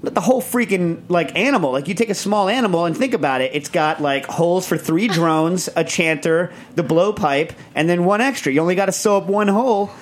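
A middle-aged man in casual chat, quick to laugh and full of energy. His voice sits somewhat high for a man. He jumps into quoted voices of the people in his stories. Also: slight background noise. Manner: animated, laughs often, acts out quoted voices. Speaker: podcast host.

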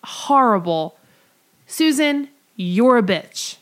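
Woman co-host, casual chat; scolding, indignant ranting, slightly high, slow-paced. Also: expressive. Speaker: podcast co-host.

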